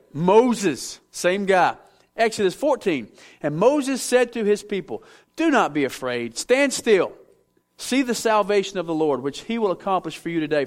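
Male preacher, high-pitched, animated, talks straight to the congregation. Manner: animated, acts out biblical figures, asks audience to respond. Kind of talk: sermon. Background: audience in room.

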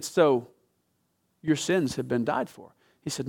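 A man preaching a sermon, telling a story with dramatic swings from loud emphatic peaks to hushed, low passages. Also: expressive, slow pace, creaky, pauses often, slightly rough.

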